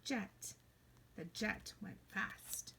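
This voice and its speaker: A woman teaching a kindergarten reading lesson, playful, slipping into high excited cries and soft whispers. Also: extremely slow, gravelly, slight background noise.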